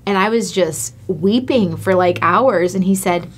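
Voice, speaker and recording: A woman's voice: medium pitch, a little slow, a little hiss or hum. A woman from Michigan, co-hosting a casual chat with her husband, telling a personal story in a candid, heartfelt way. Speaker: co-host, host's wife.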